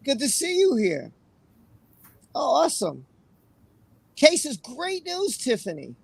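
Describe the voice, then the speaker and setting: This livestream host is a man whose very high, gravelly voice swings hugely in pitch as he talks slowly. He chats casually and sounds emotional and apologetic, reading viewers' comments aloud by name. The low-quality recording has no room sound.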